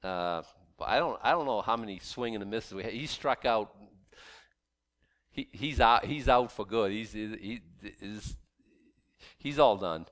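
A man reading scripture aloud and explaining it in a casual, animated way, with sarcastic asides and many restarts. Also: fairly low pitch, a little slow, pauses often. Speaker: Bible teacher. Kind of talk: conversational Bible teaching.

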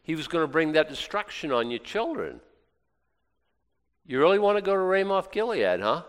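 A man preaching a sermon, reading scripture aloud and breaking into lively, sarcastic asides. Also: fairly high pitch, normal speed, smooth. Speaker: pastor. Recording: long hall reverb.

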